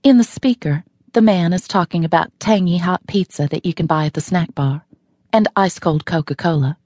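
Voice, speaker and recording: A woman's voice: fairly low pitch, normal speed, a little mellow, no echo. A woman narrating a novel in the first person, wry and matter-of-fact, recorded in a studio. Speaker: audiobook narrator.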